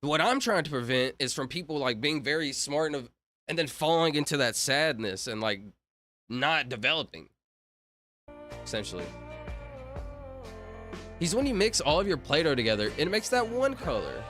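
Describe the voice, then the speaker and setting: Male streamer, casual rambling chat, lively swinging pitch, bright voice, faint music behind. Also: moderate pace, long pauses. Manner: rambling, self-interrupting, reads chat aloud. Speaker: livestreamer.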